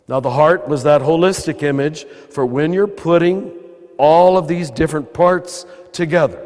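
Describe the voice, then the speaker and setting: Older American priest in cathedral reverb. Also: male voice, a little high, normal speed, a little mellow. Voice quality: throaty. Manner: conversational, wry asides. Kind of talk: spiritual talk to a live audience. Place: large cathedral.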